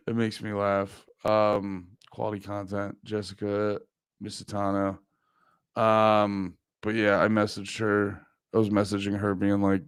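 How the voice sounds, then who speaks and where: A man's voice: fairly low pitch, steady tone, measured pace, fairly bright tone, clean tone, no echo, clean studio sound. A man in his thirties hosting a livestream, rambling casually with profanity and frequent laughs. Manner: profane, self-mocking, laughs often. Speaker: livestream host.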